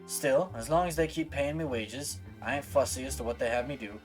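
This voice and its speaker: A man voicing a grumbling low-born soldier from a game, reading in a rough, folksy, low-key manner. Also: a little fast, faint music behind, close to an everyday voice. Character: grumbling common male soldier.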